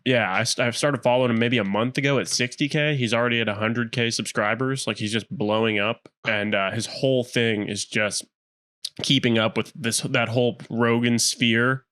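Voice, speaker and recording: A man's voice: mid-range voice, fairly even intonation, fairly bright tone, no echo. Man rambling in dry close sound. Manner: halting, restarts words often. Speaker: podcast co-host. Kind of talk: casual chat.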